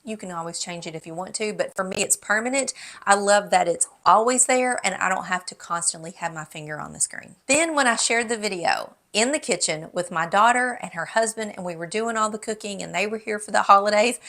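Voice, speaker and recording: A woman's voice: mid-range voice, brisk, few pauses. A middle-aged woman with a Southern drawl talks straight to her viewers, chatty and friendly, dropping the odd "y'all". It sounds like a casual home vlog recorded at her desk. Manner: chatty and warm, says "y'all". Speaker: lifestyle YouTuber. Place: home office.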